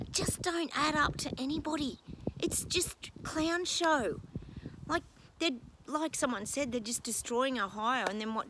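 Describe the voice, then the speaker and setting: A woman's voice: mid-range voice, sharp tone, slight background noise, poor audio. A woman psychic talking in a casual vlog from home, rambling and exasperated, breaking off with apologetic asides. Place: at home with her dogs.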